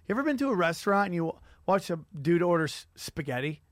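A man hosting a podcast, telling stories in an animated, profane comedic rant. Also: sits high, fast, dry recording, studio quality. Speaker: podcast host.

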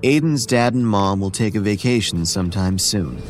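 A man narrating a horror story in the first person as a weary homeless boy who looks about eleven, speaking in a quiet, measured, tired way. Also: on the low side, lightly acted. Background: soft music.

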